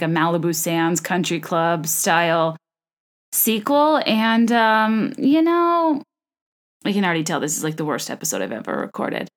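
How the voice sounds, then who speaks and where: Chatty, self-deprecating young woman podcaster. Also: lowish voice. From American South. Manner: chatty, self-deprecating, rambling with restarts and laughs. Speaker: podcast host. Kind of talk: casual solo podcast monologue.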